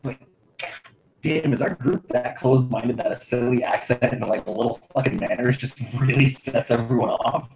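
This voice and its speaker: A man's voice: medium pitch, steady tone, gravelly, darkish tone, rough recording. A man, the game master, chatting casually about a tabletop campaign, laughing often and swearing freely. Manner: laughing often, acting out players in quick quoted voices, swears freely.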